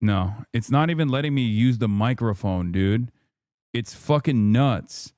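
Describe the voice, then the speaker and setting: Man, livestream host, frustrated, profane, talking through tech trouble, clear voice. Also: mid-range voice, unhurried, darkish tone, no room sound, studio quality. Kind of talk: live stream chat with viewers.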